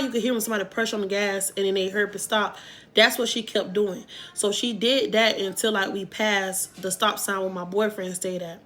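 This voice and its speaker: A woman vlogger telling a storytime to her viewers in a casual, animated way, with emphatic loud bursts. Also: medium pitch, a little fast.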